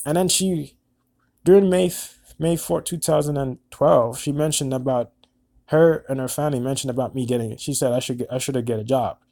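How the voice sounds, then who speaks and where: A man in his twenties telling a personal story in a halting, earnest way, often repeating words. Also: mid-range voice, gravelly, mellow. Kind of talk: personal monologue recounting events.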